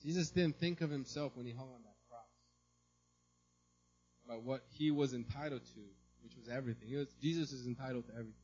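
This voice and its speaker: A male pastor preaches in a loose, conversational way, often checking in with "right?" and sometimes breaking into a loud outburst of mimicry. His voice sits in a middle pitch. The recording sounds dull and lo-fi. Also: quick pace, husky. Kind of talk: sermon.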